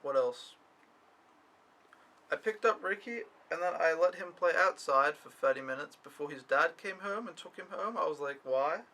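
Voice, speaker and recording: Bright-voiced young man ranting casually. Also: a little high, animated, moderate pace, rough recording. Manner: rambling, complaining, swears often. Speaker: au pair vlogger. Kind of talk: casual weekly recap vlog.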